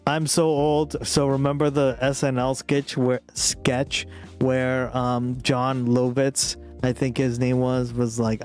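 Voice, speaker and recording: A man's voice: medium pitch, little pitch movement, takes it slowly, soft background music. A man hosting a live stream in casual chat, laughing often and swearing as he riffs. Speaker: streamer host.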